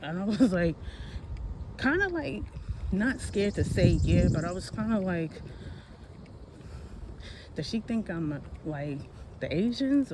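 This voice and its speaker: A person in their forties chatting casually while out walking on a hot day, rambling and correcting themselves as they talk about history. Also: mid-range voice. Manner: rambling, conversational, self-correcting. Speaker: history vlogger. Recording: noisy outdoor phone recording.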